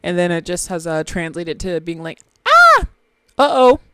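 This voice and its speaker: Animated young woman, dry close mic. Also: lowish voice, normal speed, clear, resonant tone, no room sound. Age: young adult. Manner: animated, silly and excitable, with bursts of squeals. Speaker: podcast host. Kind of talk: casual solo podcast chat.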